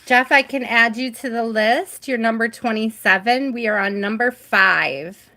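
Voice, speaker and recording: A woman's voice: on the high side, a little slow, sharp tone. A woman hosting a live tarot reading stream, chatty and giggly, often trailing off mid-thought.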